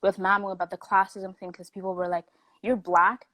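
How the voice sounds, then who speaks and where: This young adult woman talks fast in a medium pitch, her delivery completely flat and a bit bright. She's a South African-born guest with a Canadian accent, swapping casual stories full of "like," captured on a dry, rough recording.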